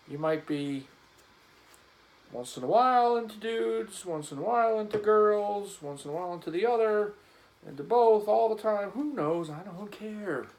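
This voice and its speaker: A man's voice: high voice, rough recording. A man vlogging casually as he cleans a gun, rambling and joking in an offhand way.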